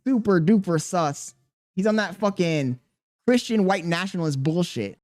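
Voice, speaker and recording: A man streaming live and commenting on clips in an animated, exclaiming way. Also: high-pitched, moderate pace. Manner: animated, laughing, exclaims often. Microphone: streaming studio mic.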